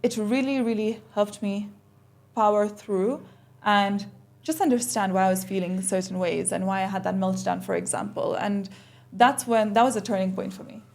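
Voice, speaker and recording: A young woman, a podcast guest, telling a personal story in a casual, animated way and acting out the conversations she recalls. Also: mid-range voice, normal speed. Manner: animated, acts out quoted exchanges.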